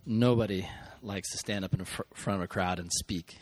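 A pastor addresses his congregation in a candid, conversational way and stumbles now and then. His voice is on the low side and sounds dry and close, with no room echo. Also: moderate pace.

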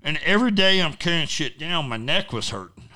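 A man's voice: fairly high pitch, lively intonation, a little fast, pushed and bright. A middle-aged man, an interview guest, telling a personal story casually in a blunt, profane, rambling way.

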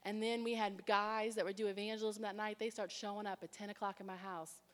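A woman preaching a sermon, telling her own story with animated delivery and acting out other people's voices. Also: medium pitch, a little fast. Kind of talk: sermon with personal testimony. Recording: long reverb of a large hall.

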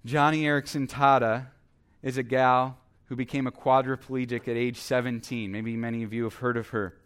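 A man's voice: medium pitch, flat delivery, moderate pace, a bit bright, smooth. Earnest man preaching a sermon. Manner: earnest, emphatic preaching with repeated exhortations. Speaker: pastor.

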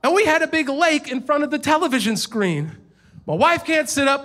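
Casting: high-pitched male pastor, thirties, lively storytelling sermon. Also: brisk. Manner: storytelling, animated, rising in pitch when telling of frustration.

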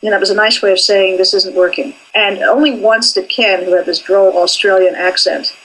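Older woman, husky voice, candid, forthright, interview guest. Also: medium pitch, fairly even intonation, normal speed, fairly bright tone, rough recording. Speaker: animation professor, interviewee. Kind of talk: interview, recalling her training.

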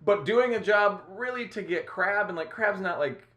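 A man co-hosting a casual chat podcast, joking around and quick to laugh. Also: high-pitched, pushed and bright, echoey room.

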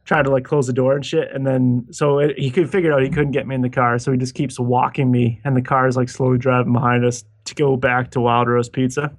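A man's voice: mid-range voice, flat delivery, brisk, hardly any pauses. Man on a skype podcast, rambles through a story, swears every other word, keeps restarting himself. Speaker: podcast co-host. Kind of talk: casual storytelling chat. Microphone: Skype call.

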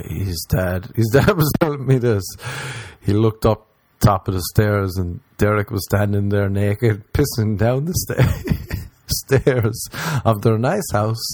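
A man's voice: on the low side, darkish tone, no echo. A man telling rambling comic stories and laughing at his own jokes. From Ireland. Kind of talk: casual comedic storytelling.

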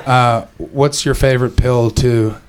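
A man doing a stand-up comedy set, chatting with the audience and shouting out the punchlines. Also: medium pitch, unhurried. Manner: animated, shouting voices for punchlines. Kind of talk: stand-up set with crowd work.

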